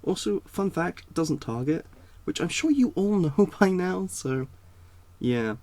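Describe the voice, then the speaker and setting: A man's voice: sits high, big pitch swings, slow pace, darkish tone, no room sound. Chatty man in a dry room. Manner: rambling, chatty, many fillers and restarts. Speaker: video creator. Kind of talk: casual spoken rant.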